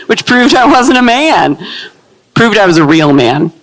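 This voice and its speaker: Woman in her thirties, stand-up comedian, low manly-sounding voice, deadpan, comedy club stage. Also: measured pace, rough recording. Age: 30s. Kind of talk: live stand-up set.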